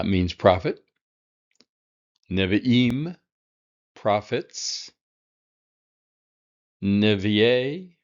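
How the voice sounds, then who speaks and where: A man teaching a recorded language lesson, halting with many fillers and dropping in dry asides. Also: on the low side, dull audio. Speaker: Hebrew teacher.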